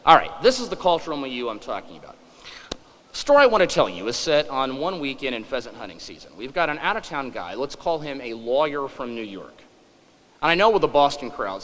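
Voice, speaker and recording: A man's voice: medium pitch, a bit bright. A middle-aged man from western Kansas giving a humorous speech at a conference, with emphatic, joking asides. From western Kansas, USA. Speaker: conference speaker. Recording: echoey hall.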